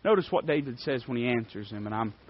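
A man preaching a sermon with fervor, swinging between quiet asides and loud declarations. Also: mid-range voice, animated, quick pace, slightly rough. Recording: dry, dull lo-fi sound.

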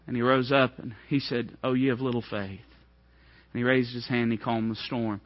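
A man preaching a sermon, swinging from hushed, low lines to ringing, high outbursts. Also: little pitch movement, normal speed, no room sound, dull audio.

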